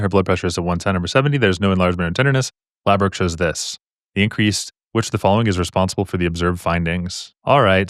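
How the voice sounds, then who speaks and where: Casual, low-voiced man tutoring medicine. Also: no echo, clean studio sound. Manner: casual, upbeat explaining, with repetitions and slang asides. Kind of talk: live-streamed exam question walkthrough.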